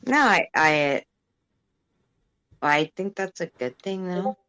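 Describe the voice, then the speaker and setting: Mild, low-voiced easygoing woman. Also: lively intonation, slow pace, pushed and bright, smooth. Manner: mild, easygoing, avoids conflict. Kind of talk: casual group chat on a livestream.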